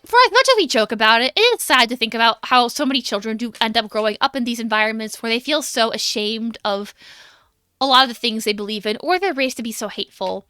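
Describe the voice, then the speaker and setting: Young woman streamer yapping away, high bright voice, dry close mic. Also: smooth, no room sound. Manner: chatty and animated, laughs often. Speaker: VTuber streamer. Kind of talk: casual chat stream.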